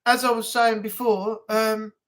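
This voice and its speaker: A woman's voice: on the high side, flat delivery, a little slow. A woman hosting a casual weekly live chat, rambling and chatty with lots of ums. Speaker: live stream host.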